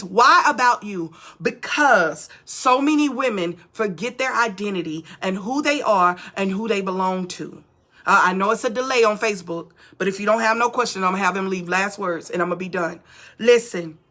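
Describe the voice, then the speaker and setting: Woman pastor on a live stream, high bright voice, fired up, talking right at the viewers. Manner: energetic, exhorting, talks to viewers directly. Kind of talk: live-stream encouragement to wives. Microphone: phone or camera on live stream.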